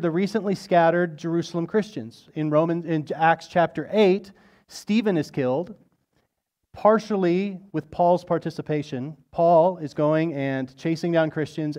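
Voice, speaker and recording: Higher-voiced male pastor preaching a sermon. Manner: storytelling, rising in intensity on quoted lines, dropping low and soft at phrase ends; conversational, with restarts and asides.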